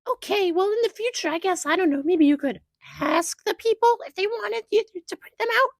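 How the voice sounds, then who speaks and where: A young narrator voicing an indignant, demanding middle-aged mother with a shrill, whiny complaining manner. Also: animated, moderate pace, no echo. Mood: grudging.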